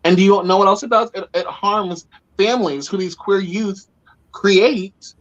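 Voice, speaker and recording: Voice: mid-range voice, unhurried, dull audio. A podcast host talking earnestly and emphatically in a casual panel chat, with many "like" and "you know" fillers.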